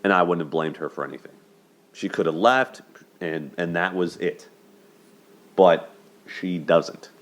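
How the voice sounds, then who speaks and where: Deep-voiced man breaking down a movie. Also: unhurried, pauses often. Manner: chatty, asks "right?" often, laughs a lot. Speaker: host of a dating and movie commentary show. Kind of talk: casual spoken movie breakdown.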